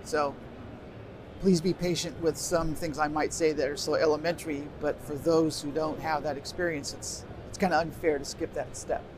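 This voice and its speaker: A man's voice: fairly high pitch, flat delivery, moderate pace. A middle-aged man presenting a live workshop on a convention stage through a stage microphone, chatting casually and giving directions to the sound crew. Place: convention stage before an audience. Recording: noisy live room. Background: room noise.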